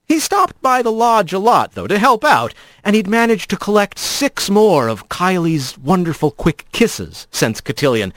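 A man narrating an audiobook in an expressive, animated storytelling manner. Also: high-pitched, a little slow, no echo.

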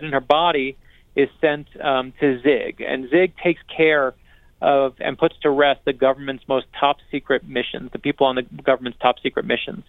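A man tells a story with eager, earnest energy, doubling back on his words as he goes. His voice has a gravelly rasp. The sound is dry and thin, like a phone line. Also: medium pitch, dry recording. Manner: earnest, energetic, quick restarts and repetitions. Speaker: author, interview guest. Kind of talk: animated storytelling conversation.

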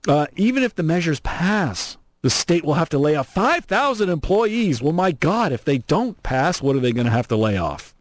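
A man hosting an opinionated political talk radio show from Southern California, animated, sarcastic and emphatic. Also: fairly high pitch, normal speed, hardly any pauses, dry recording. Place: radio studio.

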